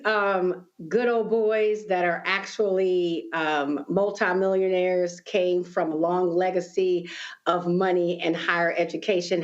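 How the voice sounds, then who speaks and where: A woman's voice: on the low side, lo-fi sound. A woman panelist in casual talk show discussion, sarcastic and disapproving.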